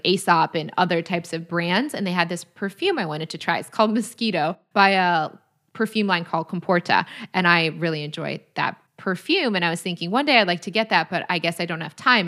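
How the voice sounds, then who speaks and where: A woman in her thirties from the United States, hosting a podcast and telling a personal story in a chatty way, full of "like" fillers, with animated quoting of others. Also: medium pitch. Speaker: podcast host. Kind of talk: casual storytelling monologue.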